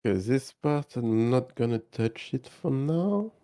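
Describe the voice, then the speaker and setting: A man's voice: mid-range voice, expressive, takes it slowly, warm tone. A man chatting casually on a live stream, easygoing and teasing.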